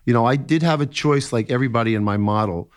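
A middle-aged man, a therapist, telling his own story in an interview, halting with many fillers and restarts and an occasional joke. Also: medium pitch.

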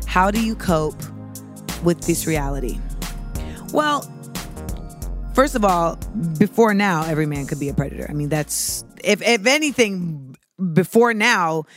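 A woman podcast host talks through listener questions in a loose, candid way, swearing freely and filling her sentences with "like." Her voice sits at a middling pitch, and the recording is close and dry with no room sound. She jumps her pitch up sharply when she wants to stress a point. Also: no room sound. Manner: candid, profane, digressive, many "like" fillers. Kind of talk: casual advice talk.

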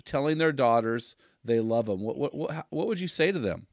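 A man's voice: medium pitch, expressive, moderate pace, no echo, studio quality. A man hosting an interview, asking questions with hesitant restarts. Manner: hesitant, repeats words when asking. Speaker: host.

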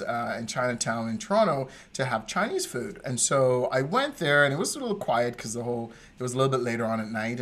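Animated, laughing male podcast storyteller. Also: medium pitch. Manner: animated, digressive storyteller who laughs often. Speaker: podcast co-host. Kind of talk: casual chat, storytelling.

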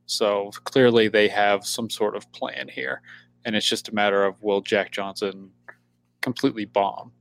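A man co-hosting a sports podcast, giving relaxed, matter-of-fact analysis in casual chat. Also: lowish voice, measured pace, gravelly. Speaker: podcast co-host.

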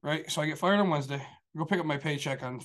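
A man's voice: fairly high pitch, fast, fairly bright tone. A man talking casually on a show, telling a long story in a rambling, profane way full of fillers. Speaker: show regular. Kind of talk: casual chat.

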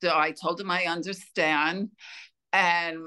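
A woman being interviewed, telling a personal story in an earnest, unhurried way. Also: on the low side, fairly even intonation, pushed and bright, smooth. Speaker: interview guest.

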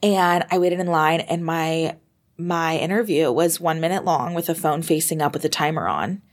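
A young American woman, a podcast guest, telling her story in a lively conversational way, full of "like" and acted-out moments. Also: sits low, moderate pace. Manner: animated, reenacts moments with fillers like "like".

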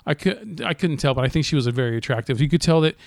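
A man's voice: on the high side, expressive, fast talker, no echo. Podcast co-host, man, swears a lot, acts out the voices in his stories, dry close mic. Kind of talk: casual podcast chat.

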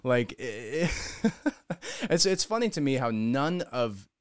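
A man's voice: mid-range voice, big pitch swings, extremely slow, dry recording, studio quality. A young adult man giving sarcastic reaction commentary on a clip. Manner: sarcastic, mocking. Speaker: political commentator.

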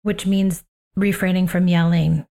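A woman hosting a solo parenting podcast, talking in a calm, earnest and reflective way and slowing down on key phrases. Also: on the low side, creaky. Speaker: parenting coach and podcast host.

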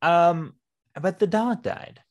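A man's voice: high voice, slow, muffled recording. Man rambling through movie chat. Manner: rambling, swears, tells anecdotes. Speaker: podcast co-host. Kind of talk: casual movie discussion.

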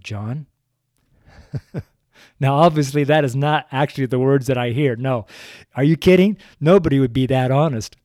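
Tearful and earnest, a man in his sixties who preaches on the street begs his podcast listeners with repetitive appeals through his crying. The medium-pitched, warm voice is recorded dry at studio quality.

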